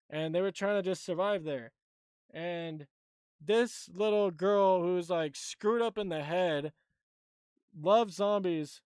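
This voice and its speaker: A man with a high, smooth and clear voice chats casually on a live stream, blunt and rambling. The sound is close and dry. He comes across offhand, throwing out quick verdicts. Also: dry recording. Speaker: streamer host.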